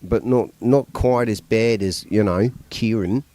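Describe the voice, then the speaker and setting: A man chatting casually as a podcast host, rambling and halting and swearing now and then. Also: on the low side, warm tone, no echo. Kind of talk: casual chat.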